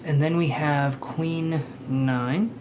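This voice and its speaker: A man's voice: fairly high pitch, fairly even intonation, extremely slow, background noise. A man hosting a live tarot reading stream, chatting casually, greeting viewers by name and joking about himself.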